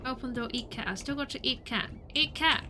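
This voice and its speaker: A woman's voice: fairly high pitch, background noise. A woman streamer playing a game, playfully reading its narration aloud. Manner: playful, reads narration quickly. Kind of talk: let's play, reading game text aloud.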